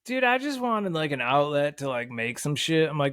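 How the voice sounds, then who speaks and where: A man's voice: fairly high pitch, big pitch swings, moderate pace, fairly bright tone, smooth, no room sound. A man talking as a podcast guest in a casual chat, rambling and swearing a lot, often slipping into voices to act out quotes. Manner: rambling and heavily profane; acts out quotes in a voice.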